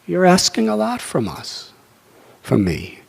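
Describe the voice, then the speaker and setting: A man's voice: high-pitched, animated, takes it slowly, vocal fry, pitched above the performer's own voice, exaggerated voice. A man voicing an aged male sage, wry and testing, speaking incredulously in a raised voice. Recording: echoey hall.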